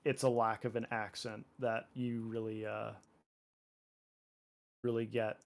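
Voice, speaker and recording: A man's voice: lowish voice, flat delivery, a little slow. A young Canadian man with a Canadian accent, chatting casually and joking while he draws on a live stream, with lots of fillers. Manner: rambling, joking, heavy fillers. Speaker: artist and streamer. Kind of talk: casual chat while drawing.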